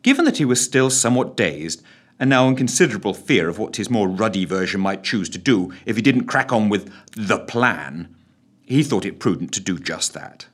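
Male narrator, husky and low, theatrical and highly animated reading of a story. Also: normal speed. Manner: theatrical, wry, very animated delivery.

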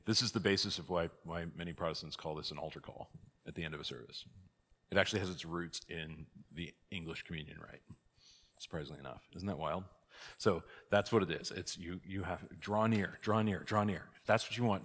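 A man, a priest, teaching a conversational church class, lively and full of rhetorical questions. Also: deep voice, brisk, slightly rough. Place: church hall. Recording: long hall reverb.

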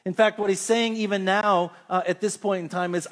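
A man preaching a sermon, telling Bible stories in a conversational way and reading scripture slowly. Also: high voice, fairly even intonation.

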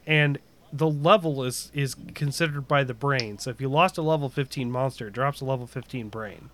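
A man's voice: medium pitch, normal speed, a bit bright, a little hiss or hum. A man chatting casually about a video game, rambling with lots of fillers and restarts.

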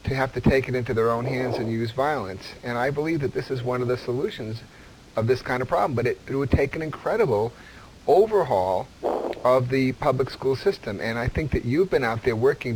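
A man hosting a radio interview, asking probing, halting questions. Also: mid-range voice, a little mellow, slight background noise, poor audio.

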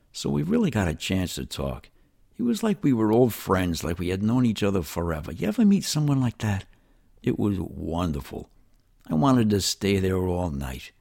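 With a creaky, low-pitched voice and a darkish tone, an older New York City man tells the story of his life. His folksy, conversational narration is aimed right at the listener, delivered in a New York accent.

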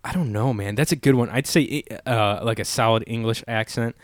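A man's voice: mid-range voice, fairly quick, no room sound, studio quality. A young man with a laid-back, rambling way of talking, co-hosting a casual podcast chat. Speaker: podcast co-host.

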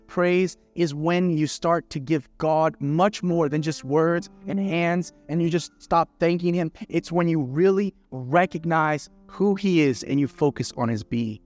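A man preaching a sermon with passion, asking the congregation rhetorical questions. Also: a little high. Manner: passionate, builds from quiet to loud. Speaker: pastor.

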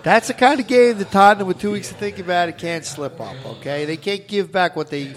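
A man with a high-sitting, animated voice co-hosts a casual soccer talk show, speaking a little fast. He's chatty and argumentative, pushing his points while filling gaps with lots of "you know" and restarting his sentences.

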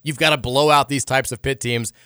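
A man's voice: mid-range voice, fairly even intonation, a little fast, pushed and bright, clear, resonant tone, no room sound, studio quality. A man hosting a sports radio show, talking in a frustrated, sarcastic, rambling way with many restarts. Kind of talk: casual sports radio talk.

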